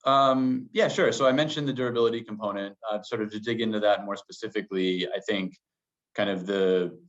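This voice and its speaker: A man being interviewed as a business guest, answering in a measured way full of qualifiers. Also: on the low side, steady tone. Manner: measured, hedging with many qualifiers. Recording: dull lo-fi sound.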